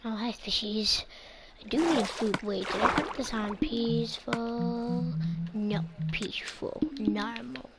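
A woman rambles through casual gameplay commentary in a slightly high, gravelly voice, taking her time and often sinking into a whisper. Her playful chatter sits over a loud hiss and clicks from a home recording. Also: little pitch movement, slow. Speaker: gameplay channel host.

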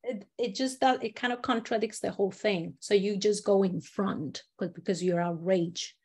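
A woman teaching a storytelling workshop, giving encouraging instructions and acting out sample lines with expressive voice changes. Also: mid-range voice, moderate pace, slightly rough. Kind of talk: workshop instruction with acted demonstrations.

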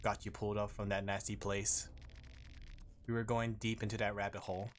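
A man voicing a cryptic male servant of a moon god in a deliberately monotone voice, reading game dialogue aloud. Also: lowish voice, slight background noise, voice pushed down, lightly acted. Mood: solemn. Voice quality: monotone, flat delivery.

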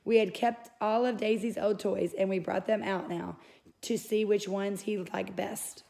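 A woman's voice: medium pitch, fairly even intonation, unhurried, creaky, mellow. A woman reading a first-person novel aloud in an unpolished way, with small slips and self-corrections. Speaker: audiobook reader.

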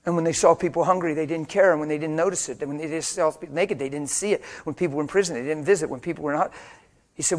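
A middle-aged male preacher delivering a sermon in a church, his voice sitting a little high for a man. He slips from soft, hushed storytelling into loud, fervent exhortation. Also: fast.

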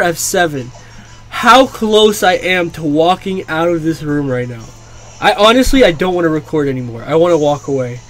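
A young man recording a let's play, exasperated, pleading with the game and swearing, now and then erupting into shouts. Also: fairly high pitch, animated, normal speed, soft background music. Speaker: gaming YouTuber. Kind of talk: frustrated let's play commentary. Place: home room.

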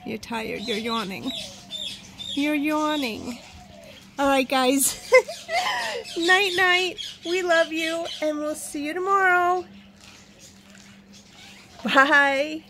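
A woman's voice: slow, pauses often, pushed and bright, a little hiss or hum. A woman vlogging from home, chatting casually to camera and cooing at her pets. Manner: chatty, coos at her pets in a high baby voice. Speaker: pet vlogger.

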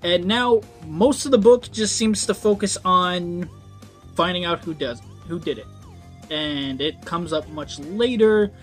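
A man's voice: high voice, unhurried, fairly bright tone, soft background music. A young man giving a casual book review, rambling with frequent ums and swearing when worked up.

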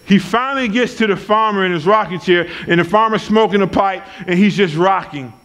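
Repeating his key lines for weight, a pastor delivers an emphatic, folksy church sermon in a conversational manner with folksy asides. His voice is high, a bit bright, and a little fast.

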